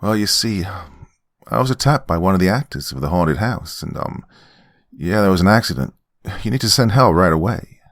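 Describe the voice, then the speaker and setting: A man's voice: low-pitched, expressive, slow pace, breathy edge, dry recording, clean studio sound, full character voice. A man doing a panicked young woman. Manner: stammering, panicked. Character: frightened young woman caught in a haunted house.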